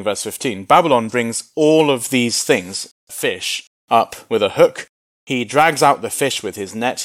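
A man teaching through a book of the Bible, reading verses and paraphrasing them in lively, casual voices. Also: medium pitch, no echo.

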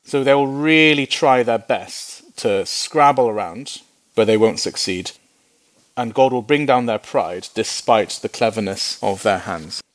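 A man preaching a Bible teaching sermon in a lively, humorous way, acting out little voices in quotes. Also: medium pitch, measured pace.

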